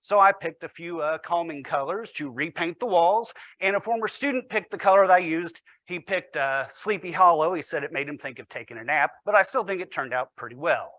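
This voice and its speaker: Bright-voiced man telling a classroom story. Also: fairly high pitch, expressive, a little fast, hardly any pauses, dry recording. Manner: wry, self-deprecating humor. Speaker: teacher presenting at a summit. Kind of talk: storytelling presentation.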